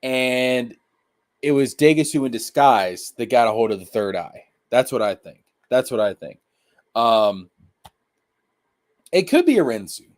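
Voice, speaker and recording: Excitable man riffing on an anime. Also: mid-range voice, unhurried, pauses often. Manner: excitable, repeats himself, slangy. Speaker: anime review streamer. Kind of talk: casual live-stream commentary.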